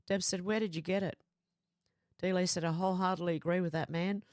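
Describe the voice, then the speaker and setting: An Australian woman hosting a livestream, chatting casually and reading viewer comments aloud in a lively quoting voice. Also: on the low side, fairly quick, dry recording, studio quality. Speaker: livestream host.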